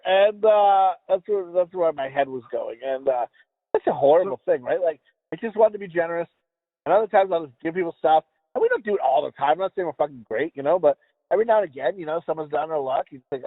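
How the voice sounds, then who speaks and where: A man's voice: sits high, big pitch swings, fast talker, no echo. A man from the US East Coast co-hosting a podcast, rambling and swearing as he tells stories in casual chat, stumbling over his words. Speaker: podcast co-host. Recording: tinny phone-like dry sound.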